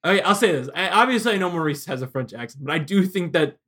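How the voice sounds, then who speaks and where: A man co-hosting a film podcast, chatting casually, laughing often and acting out scenes in quick bursts. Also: breathy edge. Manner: animated, laughing, jumps between pitches, acts out scenes. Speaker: podcast co-host.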